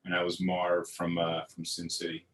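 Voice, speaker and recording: Low-voiced man telling casual stories. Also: completely flat delivery, moderate pace, fairly bright tone. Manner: storytelling, repeats words, crude jokes. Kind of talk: casual chat.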